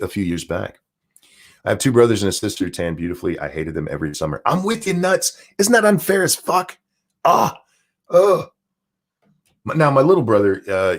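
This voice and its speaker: A man hosts his live stream in a loose, profane rant, mocking and joking as he goes. His voice sits low but swings wildly, leaping high for sarcastic asides and dropping back to a grumble. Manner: profane, mocking rant with sudden pitch jumps. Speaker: streamer and show host. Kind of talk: ranting live-stream commentary.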